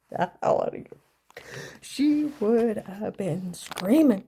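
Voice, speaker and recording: A woman's voice: medium pitch, lively intonation, unhurried, creaky, warm tone, husky, low-quality recording. An older woman rambling through an aggrieved story in a casual monologue.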